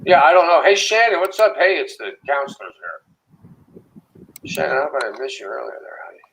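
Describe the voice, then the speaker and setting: A man's voice: fairly high pitch, very animated, a little fast, gravelly, fairly bright tone, husky, low-quality recording. A man co-hosting a casual livestream, loose and profane, greeting viewers by name. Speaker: livestream co-host.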